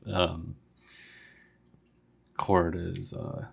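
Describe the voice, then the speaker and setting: A man's voice: sits low, monotone, extremely slow, gravelly, breathy edge. A man casually narrating a solo tabletop game, rambling with lots of fillers. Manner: casual, meandering, full of fillers.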